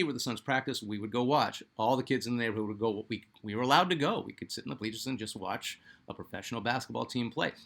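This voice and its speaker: This middle-aged man from Phoenix, Arizona, in the US, speaks in a mid-range voice that is creaky and a bit bright. Hosting a sports channel, he tells a personal story in a rambling, conversational way packed with fillers.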